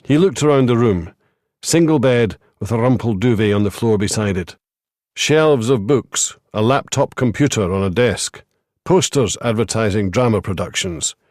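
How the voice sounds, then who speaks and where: A man narrating a crime audiobook in a measured, even way. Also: on the low side, dry recording, clean studio sound. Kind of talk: scripted narration.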